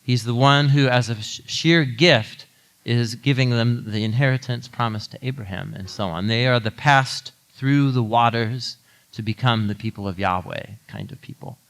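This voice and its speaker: A man pastor giving a conversational sermon, telling a story with animated asides to the audience. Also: medium pitch, normal speed.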